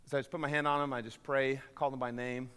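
A man preaching a sermon as pastor of his church, swinging from loud, driving appeals to quiet, hushed storytelling. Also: medium pitch, level tone, fast talker, clear, resonant tone. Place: church sanctuary. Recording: reverberant church hall.

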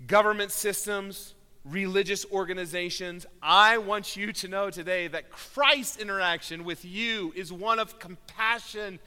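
A man preaching a sermon with earnest emphasis, rising loud on key words and dropping low and quiet. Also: a little slow, clean tone. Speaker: pastor. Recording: long hall reverb.

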